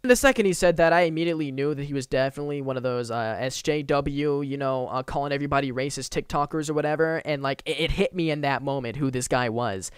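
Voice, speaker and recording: A young man tells a story for his vlog at a quick clip. His voice is smooth and clear, and it sounds close and dry with no room around it. He talks in an animated, conversational way. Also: mid-range voice, dry recording. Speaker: YouTuber.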